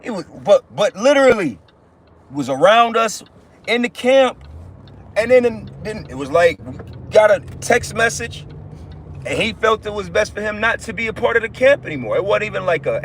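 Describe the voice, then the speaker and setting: This is a man running a casual preaching livestream from inside his car. His voice sits high for a man. He talks bluntly and swears freely, stumbling over the starts of his sentences as he lectures. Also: animated, moderate pace, slight background noise. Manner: blunt, profane, repetitive restarts. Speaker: livestream host giving religious teaching.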